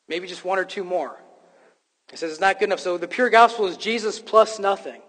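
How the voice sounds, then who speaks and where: A man's voice: high-pitched, steady tone, brisk, a bit bright, long reverb tail. A man preaching a sermon, earnest and emphatic, often restarting his sentences with fillers. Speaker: pastor.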